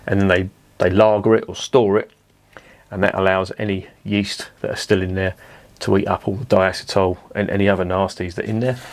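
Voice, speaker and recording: A man with a somewhat low voice talks through a beer review in an easy, chatty way. He is blunt and swears casually. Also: creaky.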